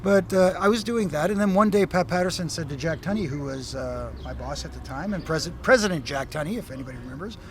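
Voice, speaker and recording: A middle-aged Canadian man, a former referee, telling animated stories in a casual interview, with many fillers and restarts. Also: fairly high pitch, quick pace, hardly any pauses. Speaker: former wrestling referee, guest.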